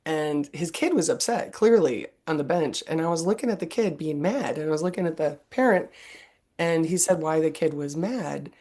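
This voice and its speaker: A woman in her fifties hosting a podcast, chatting casually and telling animated stories with frequent laughter. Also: deep voice, moderate pace. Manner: animated storyteller, laughs often. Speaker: podcast host. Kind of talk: casual interview chat.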